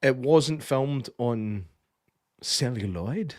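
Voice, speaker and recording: A Scottish man with a middle-pitched voice chats casually about a film on a podcast. He rambles and hunts for words, and the sound is dry and close. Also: expressive, very slow, darkish tone, no echo. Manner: rambling, loses his words, casual swearing. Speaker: podcast co-host. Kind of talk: casual film-review chat.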